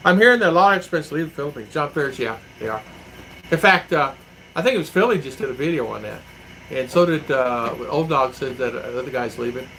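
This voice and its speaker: A man's voice: mid-range voice, animated, brisk, fairly bright tone, slight background noise, poor audio. A man chatting casually on a livestream, reading out chat comments and rambling through stories with acted-out quotes. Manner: rambling storyteller who acts out quotes. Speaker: vlogger living abroad, reading live chat.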